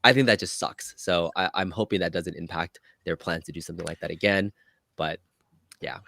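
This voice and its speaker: A man's voice: sits low, gravelly, sharp tone, a little hiss or hum. A man who is a guest on a casual live stream, joking around and laughing easily. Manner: jokey, quick to laugh. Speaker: guest co-host.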